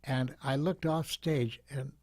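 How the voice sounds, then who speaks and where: An older man, a guest on a talk show, telling a story in a gentle, reflective way with frequent repeats. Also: medium pitch, steady tone, slow, no echo.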